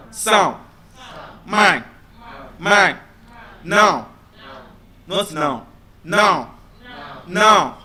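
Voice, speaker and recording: A man giving a classroom lecture, deliberately repeating words and often checking whether his students understand. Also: high voice, pushed and bright. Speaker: teacher.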